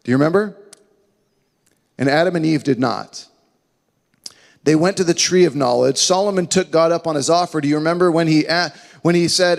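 A man preaching a sermon, earnest and emphatic, slowing down and dropping to a hush when he quotes scripture. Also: fairly high pitch, creaky. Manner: earnest, emphatic preaching with slow dramatic drops to hushed quotes. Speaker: pastor. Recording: long hall reverb.

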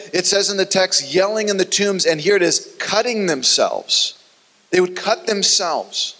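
A man preaching a sermon as a pastor, telling the story dramatically and often dropping his voice low and quiet. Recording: long reverb of a large hall.

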